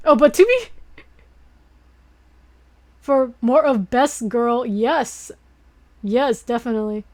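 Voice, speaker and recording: A young woman streamer rambling in a casual late-night chat, breaking into giggles and excited fangirling. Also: on the high side, slow pace.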